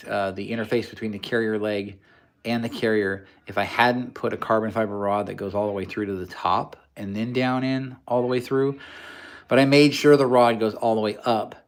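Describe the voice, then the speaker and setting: A man hosting a casual livestream, talking through a build in a rambling, joking, technical way. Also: on the low side.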